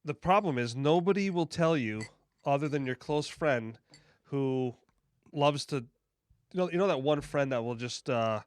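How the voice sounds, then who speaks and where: A man's voice: fairly high pitch, animated, normal speed, clear, resonant tone, dry recording. Easygoing middle-aged man chatting. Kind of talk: casual chat.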